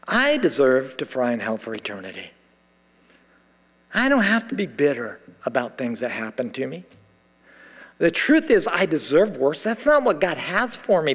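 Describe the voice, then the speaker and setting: A man's voice: a little high, a bit bright. A middle-aged man preaching a sermon as pastor, telling a story animatedly and acting out the dialogue. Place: large church sanctuary. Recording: long hall reverb.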